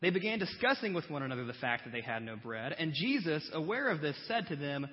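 A man preaching a Bible teaching sermon, conversational and animated, full of rhetorical questions and humor. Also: fairly high pitch, fast talker, few pauses. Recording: dull recording with long hall reverb.

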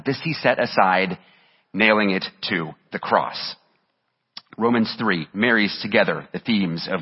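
A man's voice: mid-range voice, breathy edge. Male pastor, earnest sermon, dull muffled sound, reverberant sanctuary. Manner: earnest preaching, reading scripture aloud with emphasis.

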